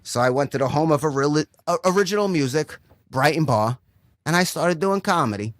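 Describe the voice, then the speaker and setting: A young man tells a loose, profane stand-up story with a somewhat high voice, tossing in "right?" every few lines. The sound is dry and close, with no room echo. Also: animated, a little fast. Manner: rambling, swears constantly, says "right?" often. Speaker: stand-up comedian.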